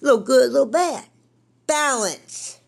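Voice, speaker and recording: This woman has a high, creaky voice and speaks at a normal speed as she hosts a podcast. Her talk is earnest spiritual self-help rooted in her own recovery, delivered candidly and bluntly with some swearing.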